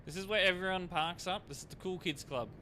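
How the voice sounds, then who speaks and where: A man's voice: sits high, brisk, sharp tone, slight background noise. A man live-streaming a driving game, chatting casually with viewers and reading their messages aloud between frequent fillers.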